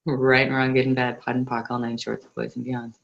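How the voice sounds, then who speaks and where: A woman's voice: very deep voice, flat delivery, brisk, gravelly, muffled recording. Chatty woman hosting a book club. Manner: chatty, laughs often, quotes others in voices. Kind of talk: casual online book discussion.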